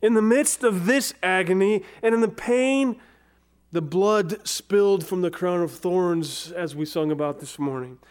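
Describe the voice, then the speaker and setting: A man preaching a sermon, slow and dramatic, his voice dropping to a near whisper on key words. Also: sits high. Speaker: pastor.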